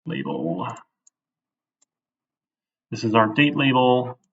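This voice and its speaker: Coding live in front of his class, this male instructor keeps a conversational, think-aloud style and frequently asks "right?". He has a mid-range voice with big pitch swings, a slow pace and a breathy edge. The audio is a distant, dull classroom capture.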